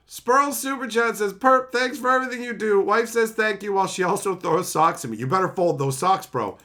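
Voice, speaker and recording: A man's voice: sits high, expressive, normal speed, pushed and bright. A man live-streaming as he opens card packs, chatting casually and ranting sarcastically with lots of swearing.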